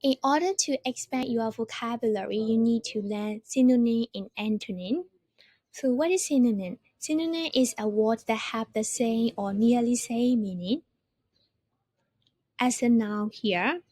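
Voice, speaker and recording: A woman gives a patient vocabulary lesson. Her voice sits a little high and sounds dry and close, with no room around it. She explains step by step and repeats each word slowly to show its stress. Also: dark tone, no echo. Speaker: English teacher. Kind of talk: vocabulary lesson over slides.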